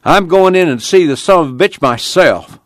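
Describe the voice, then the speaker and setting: A man reading aloud voicing an enraged rural man in an audiobook, shouting in coarse country speech. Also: fairly high pitch, animated, normal speed, no echo, clean studio sound, voice pushed up, lightly acted. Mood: furious. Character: furious man shouting to force his way in.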